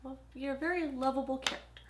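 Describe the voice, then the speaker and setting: A young woman co-hosting a trailer reaction video, animated and quick to protest in casual chat. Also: high-pitched, background noise. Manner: animated, protests and laughs at her co-host. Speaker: co-host of a trailer reaction channel.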